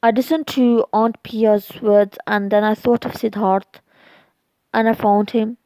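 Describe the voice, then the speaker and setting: A woman reading her own romance story aloud, halting and restarting lines, recorded dull and dry. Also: mid-range voice, flat delivery, dark tone, smooth, dry recording.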